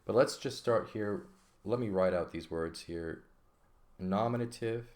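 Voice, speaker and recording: A man's voice: lowish voice, unhurried, a little mellow. A man teaching a recorded Greek grammar lesson, explaining patiently and checking in with frequent "okay?" as he writes.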